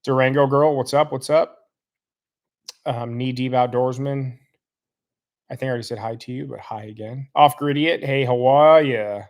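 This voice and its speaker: A man's voice: mid-range voice, steady tone, normal speed. A man hosting a live stream, greeting chat viewers and then angrily calling out a commenter in a rambling, repetitive way. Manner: rambling, heated call-out with repeated insults. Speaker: host reading live chat.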